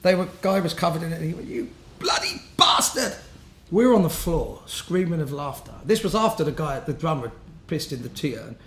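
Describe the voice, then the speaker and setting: A man's voice: fairly high pitch, lively intonation, a little fast. A man telling rambling, laughing stories with many restarts. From London. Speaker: musician, interview guest. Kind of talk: casual anecdotal storytelling. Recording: roomy with faint background noise.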